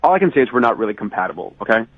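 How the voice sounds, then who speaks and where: Man, caller, fast rambling rant, lively swings in pitch, muffled phone sound. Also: no room sound. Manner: indignant, dramatic, talks fast and rambles. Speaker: caller on a radio show. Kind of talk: phone call on morning radio.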